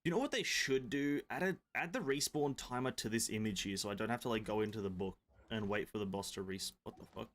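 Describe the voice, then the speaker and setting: A fairly bright tone colors this European streamer's lowish voice as he talks a little fast over his game. He chats casually with viewers, cursing freely and bantering back and forth.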